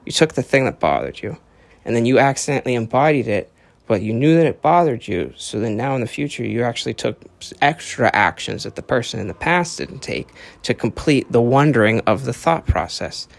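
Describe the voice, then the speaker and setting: On his own podcast, a man rambles casually and profanely in a solo monologue, acting out the voices of people he quotes. His medium-pitched voice is sing-song, gravelly and a little fast, on a dry recording.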